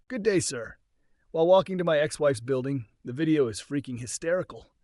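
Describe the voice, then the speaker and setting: A man's voice: on the high side, no room sound, studio quality. A man telling a first-person story in an earnest, conversational way.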